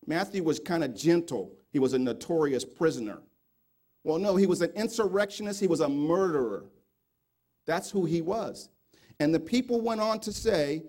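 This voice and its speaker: A man preaching a sermon, reading scripture passages aloud and commenting on them, swinging from loud emphatic remarks to low quiet reading. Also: expressive, moderate pace. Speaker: pastor.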